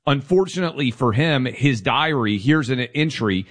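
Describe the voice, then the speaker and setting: A man co-hosting a political talk show, making an emphatic, steady argument. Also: mid-range voice, moderate pace, few pauses. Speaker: co-host. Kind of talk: political talk radio commentary.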